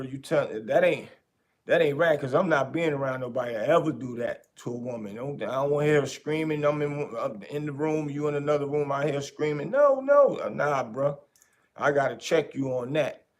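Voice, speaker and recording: A podcast host talking in a casual, animated way, repeating his points for emphasis. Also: medium pitch. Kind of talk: casual commentary.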